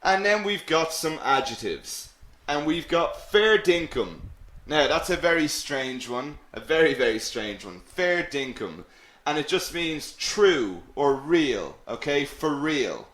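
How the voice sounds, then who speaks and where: A man teaching an English lesson with a lively, swooping delivery that keeps checking in with the class. He takes his time over each word, with self-mocking asides. His voice sits a little high and rings in an echoey room. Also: slow. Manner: lively, animated explaining with many "okay?" checks. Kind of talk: live online English lesson.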